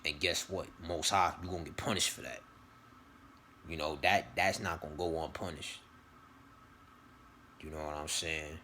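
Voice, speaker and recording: Deep-voiced man rambling casually with slang. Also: steady tone, normal speed, pauses often, sharp tone, a little hiss or hum. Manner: rambling, slang-heavy, profane, repeats himself. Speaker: vlogger giving spiritual advice. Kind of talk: casual motivational monologue.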